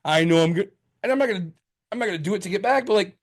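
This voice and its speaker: A man co-hosting a podcast in casual chat, rambling and profane with lots of fillers and animated storytelling. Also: high-pitched, rapid-fire. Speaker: podcast co-host.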